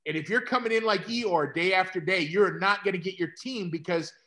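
Man, middle-aged, host, coaching tone, bright forceful voice, slightly high. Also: brisk. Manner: energetic, coaching tone addressing doctors directly. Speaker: host and practice consultant. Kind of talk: casual podcast conversation.

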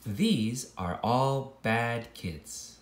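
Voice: medium pitch, lively intonation, very slow, echoey room, slight background noise. A kindergarten teacher reading a picture book aloud to children, playful and hopping between many silly character voices. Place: classroom.

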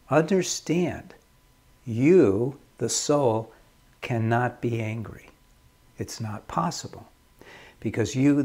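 A man giving calm, measured advice on marriage, repeating his main points so they sink in. His voice is mid-pitched with a husky edge, and he takes his time over every phrase. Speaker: marriage counselor.

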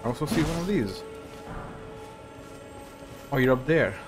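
A man's voice: medium pitch, animated, measured pace, music in the background. A young man giving casual, joking commentary as he plays a video game, swearing at enemies. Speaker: gaming video creator.

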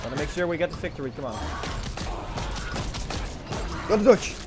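A young man giving excitable, profane commentary on his own gameplay, whooping when things go well. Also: on the high side, moderate pace, pauses often, soft background music. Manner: excitable, swearing, yelps and whoops at kills. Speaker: gaming video host.

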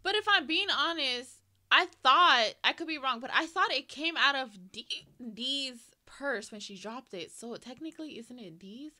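A woman's voice: high-pitched, lively intonation, unhurried, bright, forceful tone. A young adult woman hosting a reaction channel, chatting casually and talking straight to her viewers. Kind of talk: casual reaction vlog chat.

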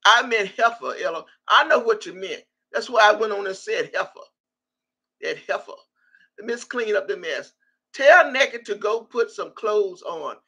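A woman's voice: medium pitch, expressive, a little slow, sharp tone, slightly rough. A woman hosting a casual livestream and reading viewers' comments aloud, brash and profane, often laughing. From Texas. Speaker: livestream host.

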